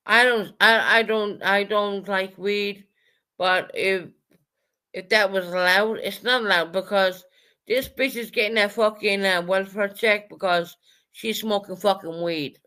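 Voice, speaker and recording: A woman's voice: medium pitch, fairly even intonation, a little slow, pushed and bright. Foul-mouthed woman ranting on a livestream. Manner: profane, heated and repetitive; addresses chat viewers by name. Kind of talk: angry livestream rant.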